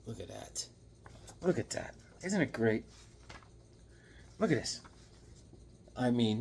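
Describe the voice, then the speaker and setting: A man casually showing off his sketches and comics in an excitable, rambling, jokey way. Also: fairly high pitch, breathy edge. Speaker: comic book vlogger. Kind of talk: casual show-and-tell vlog.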